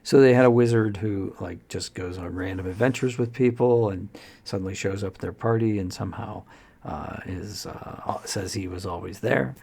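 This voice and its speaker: A man who runs tabletop games, explaining in a rambling, halting way with plenty of fillers. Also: on the low side, creaky, a little mellow. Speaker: dungeon master. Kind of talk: casual explanatory talk.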